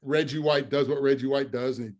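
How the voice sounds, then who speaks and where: 50s guy telling stories on a podcast, laughs a lot, lots of uhs, normal pitch. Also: brisk. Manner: lively storyteller, laughs through punchlines, many fillers. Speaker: guest, former pro football lineman. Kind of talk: storytelling interview.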